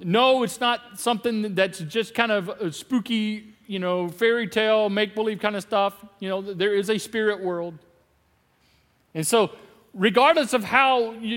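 A man preaching a sermon as pastor, animated, acting out bits of dialogue with laughs. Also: high-pitched, long reverb tail. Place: large church hall.

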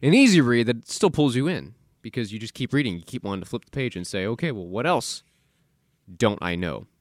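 Animated podcast host man, dry studio. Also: mid-range voice, brisk, no room sound. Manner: animated, sarcastic, rants and mock-quotes people. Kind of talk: casual solo podcast monologue. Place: recording studio.

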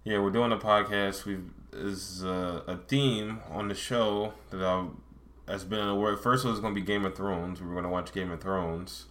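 A man's voice: deep voice, fairly even intonation, normal speed, a bit bright. A man co-hosting a casual late-night podcast from home, talking in a teasing, blunt, profane way. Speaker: podcast co-host.

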